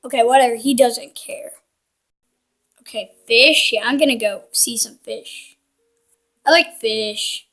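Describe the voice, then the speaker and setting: A woman's voice: fairly high pitch, unhurried, long pauses, pushed and bright. A woman commenting casually while playing a video game, playful and cheeky, teasing the characters on screen. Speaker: gaming channel host. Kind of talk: casual let's-play commentary.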